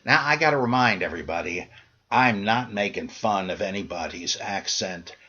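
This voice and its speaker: A man's voice: on the low side, expressive, normal speed, pushed and bright, husky, highs cut off. A middle-aged man hosting a podcast, answering listener questions in a casual, digressive monologue full of fillers and restarts.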